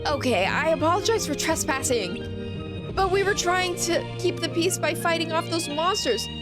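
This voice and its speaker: A woman's voice: extremely high pitch, expressive, moderate pace, pitched above the performer's own voice. A woman voicing an earnest, defiant young male hero from a game, protesting as she reads his lines aloud. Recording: game music playing behind.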